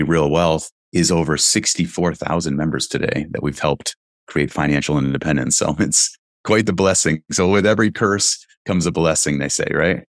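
A man's voice: rumbling low, no echo, studio quality. A middle-aged man from California, telling his story as an interview guest in an earnest, reflective, casual way. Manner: earnest, reflective, with frequent "you know" fillers. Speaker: interview guest, real estate investing founder.

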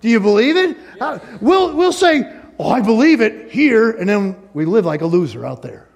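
Animated preaching man, fairly high voice. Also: brisk, vocal fry, few pauses. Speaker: pastor. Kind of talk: sermon.

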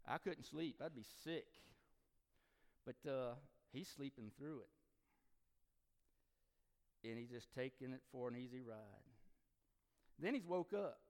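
A man's voice: medium pitch, unhurried, pauses often, darkish tone. A middle-aged man preaching a sermon with passion, his voice swelling and dropping as he repeats phrases. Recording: long hall reverb.

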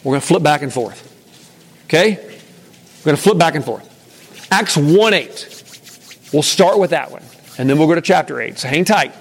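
Man teaching a group Bible study, high gravelly voice, casual and full of questions. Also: expressive, normal speed, long pauses. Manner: conversational, asks the room questions. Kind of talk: interactive Bible lesson.

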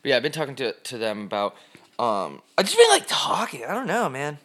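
A man's voice: mid-range voice, huge pitch swings, a little fast, pushed and bright. A young man co-hosting a podcast, chatting casually and telling crude, rambling jokes with lots of fillers. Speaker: podcast co-host. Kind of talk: casual chat.

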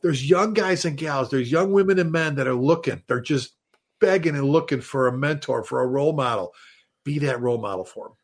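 A man, a fire chief guest on a show, telling stories in an animated, casual way with many restarts and repeated words. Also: mid-range voice, brisk. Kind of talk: casual storytelling.

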